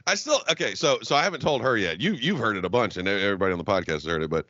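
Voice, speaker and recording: An American man co-hosts a casual podcast, ranting loudly and profanely with a bright, forceful voice that swings all over its range. The sound is dry and a little dull, like a lo-fi recording. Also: lowish voice, lively intonation, rapid-fire, no echo. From United States. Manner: profane, rowdy ranting with laughter. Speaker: podcast co-host. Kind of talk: casual chat.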